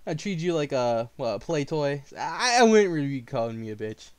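Man, fairly high voice, lively swinging pitch, dry close sound, defensive profane rant. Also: a little fast, smooth, no room sound. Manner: defensive and profane, swings between grumbling and yelling. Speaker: channel host reacting to a diss track. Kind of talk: heated casual reaction rant.

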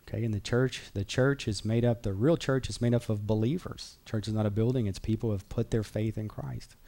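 A man's voice: lowish voice, darkish tone. A man teaching a Bible class in an earnest, conversational way, repeating key phrases and reading verses aloud.

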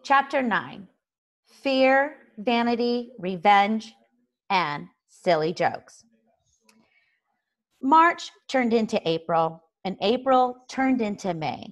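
Slow, expressive woman reading aloud. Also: fairly high pitch. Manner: expressive, unhurried. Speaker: story reader. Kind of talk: reading a children's book aloud.

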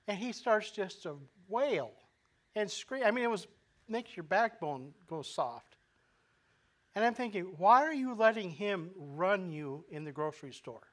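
A man's voice: high-pitched, animated, unhurried, fairly bright tone. A male pastor preaching a sermon in a conversational way, asking the congregation rhetorical questions and often repeating words as he goes.

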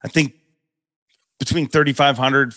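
A middle-aged man hosting a podcast, telling an animated story with laughs as he talks. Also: medium pitch, measured pace, dry recording. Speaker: podcast host. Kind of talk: casual storytelling chat.

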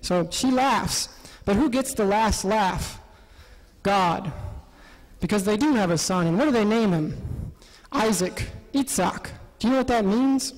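A man presenting a Bible study session in an animated, laughing way, acting out the quotes. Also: sits high, a little slow. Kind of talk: lively Bible study talk. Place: parish hall. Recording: long hall reverb.

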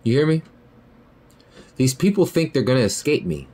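A man hosting a podcast, delivering a heated, profane monologue that swings between loud high outbursts and low muttered lines. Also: big pitch swings, moderate pace. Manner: heated, profane, repeats "you feel me" and "bro". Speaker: podcast host.

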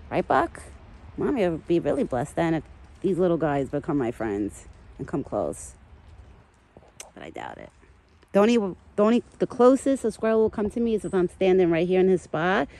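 Mellow-voiced woman chatting outdoors. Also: on the low side, sing-song, normal speed, rough recording. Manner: chatty, talks to the deer in affectionate pet talk. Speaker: vlogger feeding a wild deer. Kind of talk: casual outdoor chat to camera and to an animal. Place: outdoors in a foggy forest.

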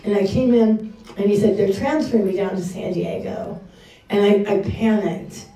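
A woman's voice: mid-range voice, moderate pace, warm tone. A middle-aged woman giving a candid, conversational sermon at a church gathering, often acting out her own reactions. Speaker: speaker at a church women's session. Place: church hall. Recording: echoey room from a distance.

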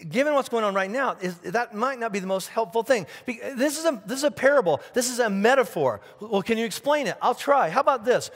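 A man preaching a sermon as pastor, animated, asking rhetorical questions and often repeating his words. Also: sits high, big-room sound. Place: church auditorium.

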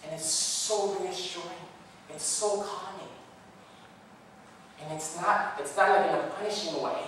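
A man preaching a sermon, swinging from loud bursts to hushed tones when he quotes God softly. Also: sits high, fairly even intonation, unhurried, a little hiss or hum. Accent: Californian. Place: church hall. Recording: echoey hall from far off.

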